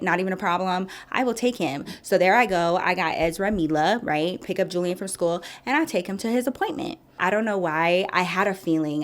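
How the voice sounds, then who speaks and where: A woman in her thirties telling a story to her viewers in a chatty, sassy way, calling them girl and y'all. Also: lowish voice. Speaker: storytime vlogger.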